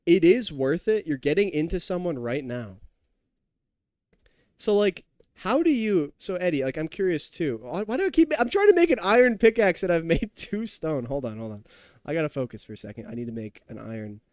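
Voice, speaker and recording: A young adult man, tipsy while streaming a game, chats loosely with his viewers, rambling, laughing, telling stories and reading chat. He sounds fairly high-pitched, very animated and fairly quick, a little mellow, on a dry, studio-quality recording.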